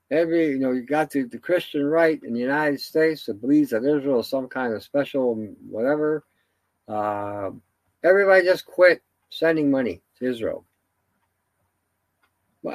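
A man's voice: on the high side, a little mellow, dry recording. A man giving a rambling, indignant solo commentary, full of fillers and restarts.

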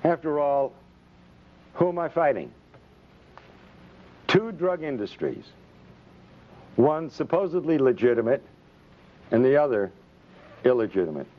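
A man's voice: mid-range voice, very animated, a little slow, pauses often. A man, a physician, giving an impassioned public speech full of indignant rhetorical questions and sarcasm. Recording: dull lo-fi recording.

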